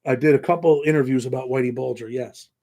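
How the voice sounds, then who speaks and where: A man's voice: mid-range voice, fairly even intonation, fast, warm tone. A middle-aged man from New York with a Southern-tinged American accent, hosting a casual livestream and chatting loosely with viewers, thanking them by name. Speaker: host.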